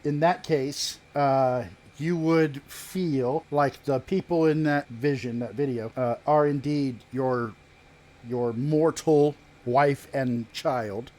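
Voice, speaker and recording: Measured male game master narrating. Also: medium pitch, mellow. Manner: halting, measured narration with pauses and restarts.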